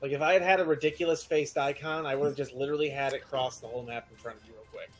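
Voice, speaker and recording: A man narrating as game master in a relaxed, chatty way, with frequent fillers. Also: mid-range voice, racing, faint music behind, poor audio.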